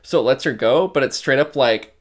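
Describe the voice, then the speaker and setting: Just a regular dude rambling on his podcast, lots of ums and cussing, normal pitch. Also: a little fast. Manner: rambling, loose and profane, full of fillers. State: short of breath. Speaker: podcast co-host. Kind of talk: casual chat.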